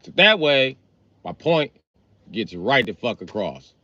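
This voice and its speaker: A man's voice: medium pitch, sing-song, takes it slowly, pushed and bright, no room sound. A middle-aged man on a livestream, ranting bluntly and crudely in a heated, comic way. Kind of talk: profane comic rant on a livestream. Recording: slightly dull lo-fi stream mic.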